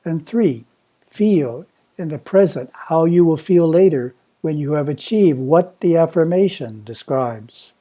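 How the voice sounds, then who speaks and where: A man at a monastery reading a prepared spiritual talk in a measured, instructive way. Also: fairly high pitch, expressive, mellow. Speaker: monastery teacher.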